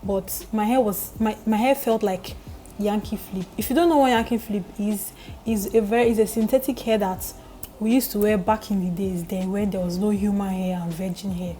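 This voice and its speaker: A young Nigerian woman vlogger telling a story in lively, emphatic casual chat. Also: mid-range voice, normal speed, slight background noise, rough recording.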